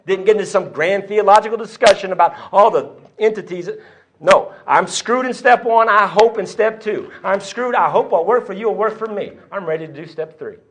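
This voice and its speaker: Brief: male conference speaker, animated storyteller, slightly high, church hall podium. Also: moderate pace. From Texas. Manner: animated storyteller, acts out quoted voices. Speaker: AA speaker sharing his story.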